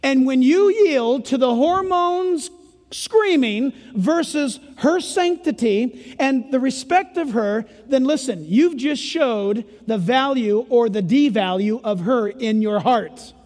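An older man preaching a sermon in a punchy, folksy way that swings between loud emphasis and hushed asides. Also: very high-pitched, expressive, slow pace. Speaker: pastor. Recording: echoey hall reverb.

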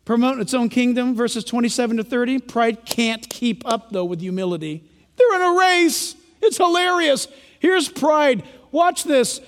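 A male pastor preaching a lively sermon, joking and acting out quotes for his congregation. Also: very high-pitched, normal speed, big-room sound. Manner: animated, joking, acts out quotes. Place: large church.

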